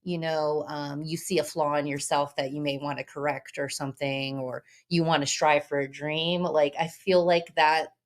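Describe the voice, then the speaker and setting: Blunt, candid woman with a low voice. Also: steady tone, normal speed, few pauses. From Texas, USA. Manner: blunt, candid, acts out other people's remarks in quotes. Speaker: podcast guest, business owner. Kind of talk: casual interview conversation.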